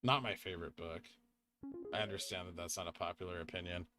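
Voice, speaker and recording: A young man hosting a casual livestream, chatting with viewers, reading out donations and making quick asides. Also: low-pitched, music in the background. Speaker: livestream host.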